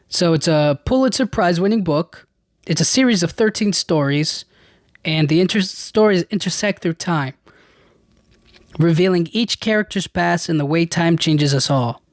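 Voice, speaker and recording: A man with a slightly high voice hosts a solo podcast, talking loosely and rambling, often restarting his sentences and dropping casual slang. The sound is close and dry, with no room around it. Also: lively intonation, moderate pace, no room sound. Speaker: podcast host.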